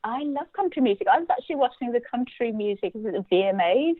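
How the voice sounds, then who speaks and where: A woman, a psychologist guest, answering interview questions in an articulate, quick and good-humoured way over a remote call. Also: fairly high pitch, animated. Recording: tinny phone-line call.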